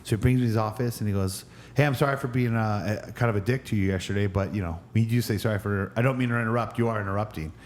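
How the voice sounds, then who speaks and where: A man's voice: fairly low pitch, quick pace. A man who is a guest on a podcast, telling a story with lots of energy and acting out the other people's lines in a raised voice. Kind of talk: animated storytelling.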